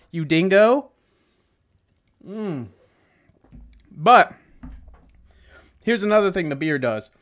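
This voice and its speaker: A young man hosting a casual solo podcast, rambling and joking with plenty of profanity. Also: high-pitched. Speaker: podcast host. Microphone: desk setup with webcam.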